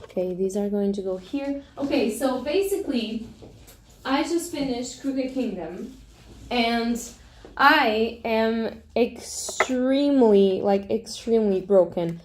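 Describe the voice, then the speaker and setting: A woman's voice: on the high side, animated, a little slow, warm tone, slight background noise. A young woman book vlogger in a casual, emotional reaction vlog, gushing and swearing freely.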